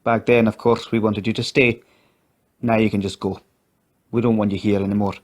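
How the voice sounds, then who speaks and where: A man reading an audio story, voicing a hostile, hot-tempered brother who talks loud and threatening. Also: lowish voice, level tone, moderate pace, close to an everyday voice.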